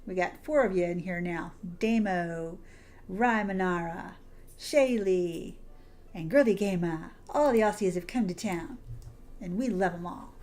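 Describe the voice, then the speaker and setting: A woman's voice: lowish voice, measured pace, a little mellow. Affectionate chatty woman streamer. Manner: affectionate, chatty, greets viewers with endearments. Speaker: game streamer. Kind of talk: casual livestream chat while playing.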